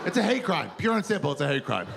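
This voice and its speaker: A man in his forties doing a crude, animated stand-up comedy set on a theater stage, acting out characters as he tells stories. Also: a little high, fast talker, vocal fry. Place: theater stage before a live audience. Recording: noisy live room with audience laughter.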